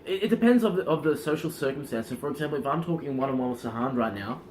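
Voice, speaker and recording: A man coaching in casual instructional talk, energetic and demonstrative, often checking in with the listener. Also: medium pitch, fast talker, slight background noise. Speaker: self-improvement coach.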